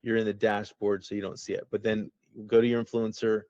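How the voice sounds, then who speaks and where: The app founder's voice is fairly low, brisk and darkish, with little pitch movement, as he gives a casual, rambling screen-share walkthrough over a video call. Folksy and self-interrupting, he's heard with no room sound and the highs cut off.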